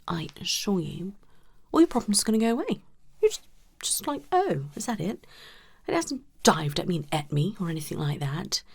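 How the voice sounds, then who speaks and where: A woman acting a blunt, dismissive psychologist in a whispered role-play, talking in a soft, breathy, rambling way. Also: fairly low pitch, full character voice. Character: blunt unprofessional female psychologist. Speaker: ASMR creator.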